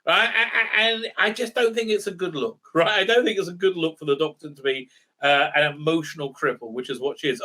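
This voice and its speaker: A man's voice: a little high, brisk, sharp tone. A man ranting through a sarcastic recap review, rambling with many fillers and tag questions. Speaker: video reviewer.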